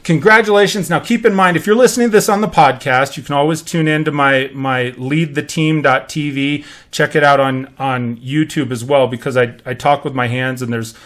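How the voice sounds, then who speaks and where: A man's voice: mid-range voice, moderate pace, few pauses, fairly bright tone. A middle-aged man hosting a podcast, talking casually about leadership, rambling with many restarts and acting out quoted chatter. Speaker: podcast host. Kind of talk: casual motivational monologue.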